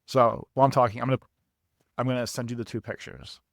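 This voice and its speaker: A young man telling a rambling story on a podcast, animated and quick to swear, often laughing at his own misfortune. His voice sits in a middle register and sounds close and dry, with almost no room around it. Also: medium pitch, gravelly, dry recording. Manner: animated, profane, laughs at himself. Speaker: podcast co-host. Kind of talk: casual storytelling.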